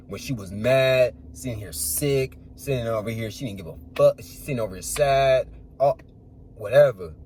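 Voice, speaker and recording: Low-voiced young man musing earnestly. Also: husky. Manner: rambling, earnest, repetitive, swears freely. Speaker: channel creator. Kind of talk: casual spiritual monologue.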